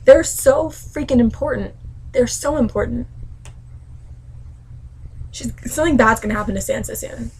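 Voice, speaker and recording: Give me an emphatic young woman vlogging her book reactions, slightly high voice. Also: normal speed, pauses often, darkish tone, husky, rough recording. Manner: emphatic, ranting, gushing. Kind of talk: casual book reaction vlog.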